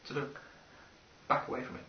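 A man playing a tabletop game, speaking hesitantly and softly. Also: a little fast, a little hiss or hum. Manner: hesitant, soft-spoken. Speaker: player. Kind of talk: casual tabletop game play. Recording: roomy, distant, dull lo-fi room mic.

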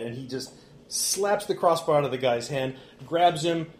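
A man's voice: mid-range voice, unhurried. A man narrating a tabletop game as game master, casual with frequent fillers, in an echoey room. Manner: casual, laughing, hesitant fillers.

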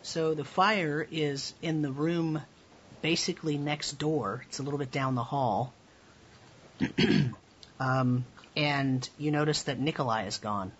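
A man narrating as game master of a tabletop game over a voice call, in a relaxed, rambling way with frequent chuckles. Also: fairly high pitch, takes it slowly, husky. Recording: dull lo-fi voice call audio.

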